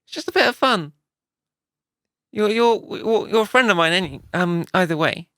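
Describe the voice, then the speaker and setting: A woman's voice: medium pitch, animated, moderate pace, fairly bright tone, no room sound. A British woman playing a tabletop game casually, hesitant and playful, with many fillers. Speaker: player. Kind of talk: casual tabletop role-play.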